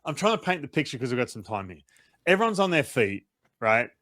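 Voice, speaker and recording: Man, storytelling guest, lively and casual, dry close sound. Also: medium pitch, dry recording. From Australia. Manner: animated, acts out quotes, swears, fast run-on storytelling. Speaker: former baseball pitcher, guest.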